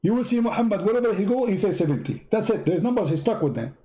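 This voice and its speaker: A man's voice: high-pitched, expressive, fast talker, dark tone. A man giving sarcastic commentary in broken English, mocking and teasing. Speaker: online religious debater.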